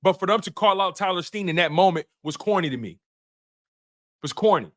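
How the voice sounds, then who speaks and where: A man's voice: high voice, expressive, a little fast. A man hosting a sports recap show, talking in a casual, emphatic way, repeating key points and using slang. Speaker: sports podcast host.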